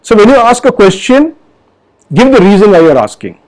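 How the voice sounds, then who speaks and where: A man's voice: high voice, sing-song, moderate pace, darkish tone, poor audio. A man hosting an online health forum, talking to camera in an earnest, explanatory way with many fillers and restarts. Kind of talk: casual video talk to camera.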